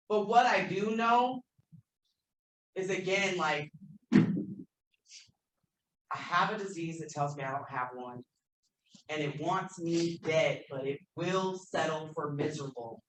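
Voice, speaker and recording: A woman's voice: deep voice, animated, unhurried, pauses often. A woman speaking candidly at a recovery convention workshop, emotional and self-deprecating, with some swearing. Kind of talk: personal recovery share. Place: convention meeting room. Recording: echoey room, faint noise.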